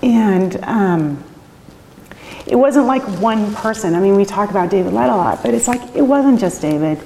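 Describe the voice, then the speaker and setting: A middle-aged woman, interviewed for an oral history, talking in halting, restarting sentences and getting emotional. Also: mid-range voice, lively intonation, vocal fry, warm tone, in a large hall, a little hiss or hum, poor audio. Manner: emotional, chokes up, laughs often. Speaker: interviewee, winery owner.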